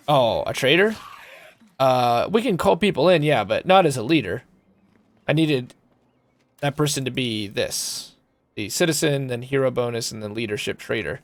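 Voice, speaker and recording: A man streaming a game live, chatting loosely with viewers, joking and swearing freely, thanking them by name. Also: medium pitch. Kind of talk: casual live-stream chat.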